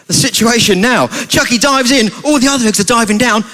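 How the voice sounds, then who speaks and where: A man's voice: very high-pitched, brisk, few pauses, sharp tone. A man telling a playful story to children during a family church service.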